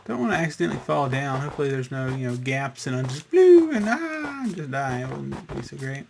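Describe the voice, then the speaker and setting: A man's voice: medium pitch, fast, creaky, background noise. A man hosting a let's-play, talking through his game in a rambling, chatty way with fillers and little sound effects. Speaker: gaming channel host. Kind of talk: casual let's-play commentary.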